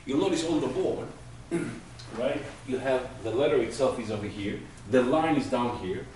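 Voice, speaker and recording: A man's voice: medium pitch, normal speed, darkish tone. Echoey man teaching a class. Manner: patient, explains with everyday examples. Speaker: Hebrew teacher. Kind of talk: classroom lesson. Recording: echoey room from far off, faint noise.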